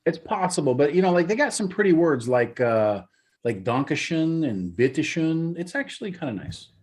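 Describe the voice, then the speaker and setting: A man's voice: fairly high pitch, very animated, moderate pace, darkish tone, breathy edge. A middle-aged man co-hosting a casual podcast, telling stories in an easygoing, dryly joking way. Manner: easygoing storyteller, dry joking. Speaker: podcast co-host. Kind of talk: casual chat.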